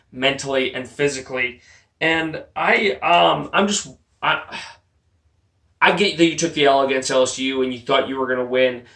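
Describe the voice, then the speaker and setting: A man's voice: on the high side, pushed and bright. A man from Texas, hosting a sports podcast and ranting bluntly and profanely, mocking the people he talks about. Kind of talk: opinionated sports rant. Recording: roomy, distant home mic.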